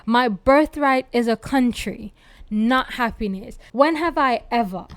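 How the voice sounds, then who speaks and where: A woman voices a bitter young heir to a throne, guarded and torn, snapping and swearing. The tone is smooth and somewhat high. It is recorded close and dry. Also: a little slow, no echo, close to an everyday voice. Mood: anguished. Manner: heated, swearing outburst.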